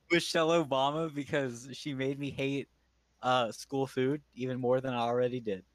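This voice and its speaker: A man's voice: medium pitch, fairly even intonation, no room sound. A teenage boy on a casual podcast who jokes, laughs a lot and stumbles over his words. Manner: joking, laughs often, halting restarts. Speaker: podcast co-host.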